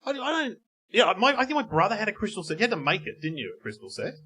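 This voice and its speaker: A man's voice: high voice, very animated, quick pace, a crowd in the background. An Australian man co-hosting a podcast live on stage in a bar, joking and laughing through rambling, casual banter. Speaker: podcast co-host.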